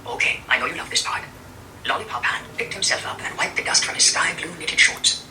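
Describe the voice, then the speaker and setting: A woman's voice: low-pitched, brisk, pushed and bright, echoey room, slight background noise, rough recording. A woman narrating an audiobook, voicing a Swedish father reading to his daughter in a put-on accent that sounds like an old woman. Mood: storytelling.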